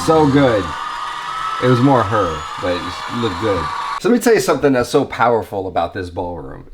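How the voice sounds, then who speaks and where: A man hosting his own video, chatting casually and animatedly as he watches old footage, acting out what others said. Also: mid-range voice. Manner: animated, acts out quotes of others. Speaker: vlog host.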